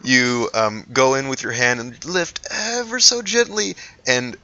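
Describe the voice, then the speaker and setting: A man narrating a tabletop game as game master, halting and full of fillers as he describes scenes. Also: medium pitch, bright, forceful tone. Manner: hesitant, lots of ums and restarts while describing scenes. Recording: dull lo-fi recording.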